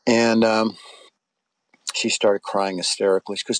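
Here the same former soap actor sounds fairly low and flat, talking a bit slowly and pausing often in a dry recording. As a middle-aged interview guest, he wanders through casual stories of his acting days, stumbling over fillers and starting sentences again.

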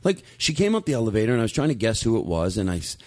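A man hosting a podcast, telling stories in a rambling, animated way with lots of restarts. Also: lowish voice, racing. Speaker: podcast host. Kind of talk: casual storytelling chat.

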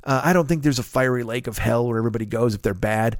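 A man's voice: medium pitch, fast talker, no room sound, clean studio sound. A man hosting a podcast, delivering an exasperated, profane comedic rant and swearing constantly. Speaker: podcast host.

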